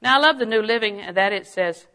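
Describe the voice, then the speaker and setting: A woman's voice: fairly high pitch, fast talker, bright, forceful tone. A woman teaching a Bible lesson in sermon style, telling personal stories and driving home her points with emphatic declarations. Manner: emphatic, storytelling, rising to strong declarations.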